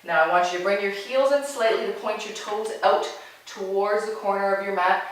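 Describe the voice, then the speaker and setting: A yoga instructor guiding a class with short, calm, encouraging spoken cues. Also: mid-range voice, normal speed, slight background noise. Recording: very echoey room, mic far off.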